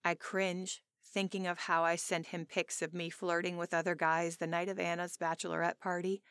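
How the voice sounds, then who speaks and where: A woman narrating a first-person romance audiobook in an expressive, emotional way, on a close studio mic. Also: fairly low pitch, moderate pace, clear, resonant tone, dry recording.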